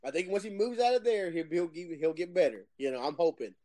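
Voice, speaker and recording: A man's voice: high-pitched, very animated, fast, mellow, no echo, studio quality. A man chatting casually with friends on a podcast, laughing often and swearing freely. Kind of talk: casual chat among friends.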